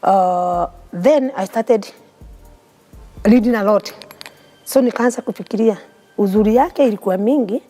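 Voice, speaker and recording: A woman's voice: mid-range voice, moderate pace, pauses often, mellow, soft background music. A woman with a Kenyan accent, a guest in an interview telling her personal story in an earnest, heartfelt way. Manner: mixes English and Swahili, earnest and heartfelt.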